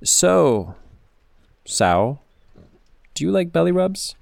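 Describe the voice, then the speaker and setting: A man's voice: a little high, very animated, extremely slow, creaky, a little mellow, no echo. A man hosting a playful animal-facts podcast for kids, chatty and goofy, full of puns and silly asides. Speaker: podcast host.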